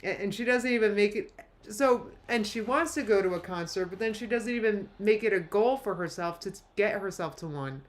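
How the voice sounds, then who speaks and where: Woman streamer, casual reaction commentary, chatty and rambling. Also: mid-range voice. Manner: chatty, rambling, quick asides with laughs. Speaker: live-stream reaction host.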